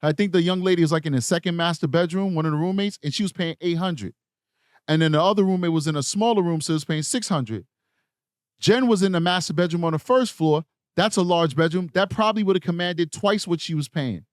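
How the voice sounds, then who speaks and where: Male streamer host, higher register, emphatic and repetitive, dead dry room. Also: brisk, smooth, no echo. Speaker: true crime livestream host. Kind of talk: casual commentary, reading live chat.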